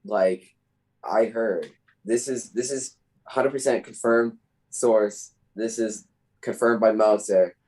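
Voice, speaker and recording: A man's voice: fairly low pitch, steady tone, slow pace, a little mellow, low-quality recording. A man co-hosting a podcast, explaining himself defensively in casual chat. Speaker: podcast co-host.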